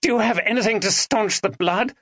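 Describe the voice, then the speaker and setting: A man's voice: high-pitched, a little fast, gravelly, pushed and bright, dry recording, clean studio sound, pitched above the performer's own voice, full character voice. A man doing an urgent young man, raised voice. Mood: pleading. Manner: urgent and commanding. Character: young man taking charge in a crisis.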